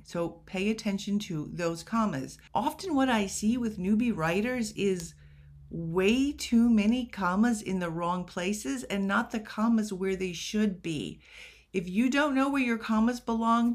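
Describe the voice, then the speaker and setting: A young woman giving a casual writing tutorial, chatty and full of rhetorical questions with self-deprecating asides. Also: medium pitch. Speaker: writing coach.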